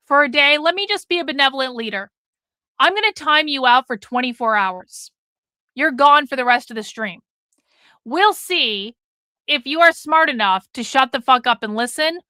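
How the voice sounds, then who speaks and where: Bright-voiced, blunt woman streamer. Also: sits high, no room sound. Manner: profane, blunt, nags the chat. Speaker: live-stream host. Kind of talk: casual live-stream chat with viewers.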